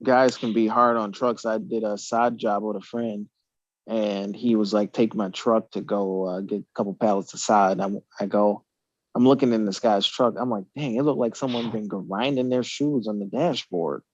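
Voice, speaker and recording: A man casually telling a story on a truck talk show, animated and often laughing. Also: on the low side, moderate pace, no room sound, highs cut off.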